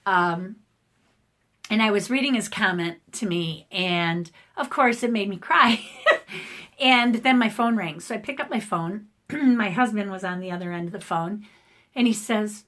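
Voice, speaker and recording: A middle-aged woman talking casually to the camera in a personal vlog, her voice going hoarse, emotional and rambling with many ums and restarts. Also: mid-range voice, measured pace, fairly bright tone. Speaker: art channel host. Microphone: camera facing the speaker.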